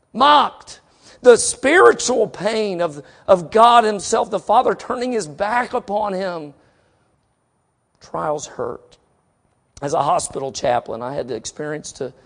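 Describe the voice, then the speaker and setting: A middle-aged man preaching a sermon, swinging from soft, slow passages to emphatic exhortation, and reading scripture aloud deliberately. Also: high voice, vocal fry. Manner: reads scripture aloud slowly.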